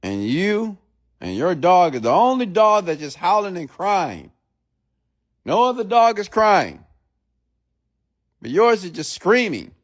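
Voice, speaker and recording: A man's voice: high voice, big pitch swings, takes it slowly, pauses often, pitched above the performer's own voice, heavily acted. A man voicing a curious little boy. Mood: pleading. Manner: pleading, questioning.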